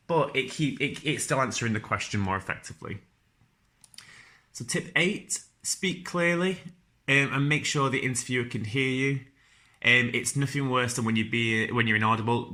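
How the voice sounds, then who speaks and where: A man's voice: mid-range voice, bright, forceful tone. A young man with a strong Northern English accent giving casual careers advice as a podcast host, chatty and informal with frequent ums and restarts.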